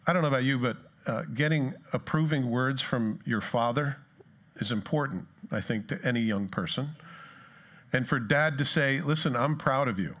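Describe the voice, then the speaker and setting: Guy preaching in church, chatty and easygoing, middle pitched voice, throws questions at the crowd. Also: normal speed, fairly bright tone. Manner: conversational preaching, asks the congregation questions. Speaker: pastor. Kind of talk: sermon.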